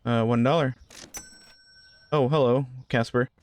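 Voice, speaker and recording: A man's voice: mid-range voice, steady tone, unhurried. A man giving casual gameplay commentary, rambling through asides and joking with the customers in the game. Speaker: gaming channel host.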